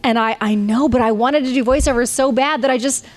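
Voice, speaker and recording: A woman's voice: on the high side, a little fast. A woman in her forties, a voice actress telling stories to fans at a convention panel, chatty and rambling with frequent laughter, on a handheld microphone. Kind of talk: casual storytelling at a fan convention panel.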